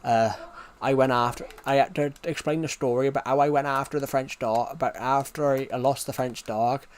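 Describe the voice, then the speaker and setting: A man's voice: mid-range voice, steady tone, a little fast, clear, resonant tone. Rambling young man, casual chat. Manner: rambling, with frequent restarts. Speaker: streamer.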